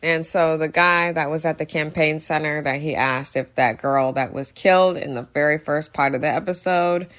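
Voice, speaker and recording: A woman's voice: deep voice, normal speed, hardly any pauses, fairly bright tone. A woman casually recapping a TV episode, opinionated and emphatic, repeating words to drive a point home. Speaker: TV recap YouTuber.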